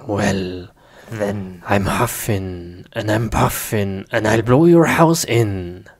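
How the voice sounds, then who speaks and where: A man's voice: lowish voice, drawn-out words, husky, heavily acted. A man voicing a pushy, impatient male wolf in an amateur animation, taunting and sighing as he threatens.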